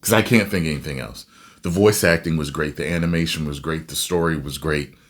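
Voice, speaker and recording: A man giving casual, animated movie reaction commentary with a rambling, self-interrupting manner. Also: extremely low pitch, a little fast.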